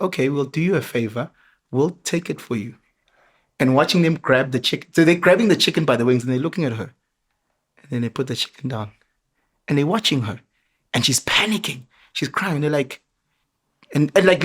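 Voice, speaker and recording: A middle-aged man with a South African accent, telling animated parenting stories in a casual podcast chat. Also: mid-range voice, husky. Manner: animated storyteller, mixes local words into his talk. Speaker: father sharing parenting stories.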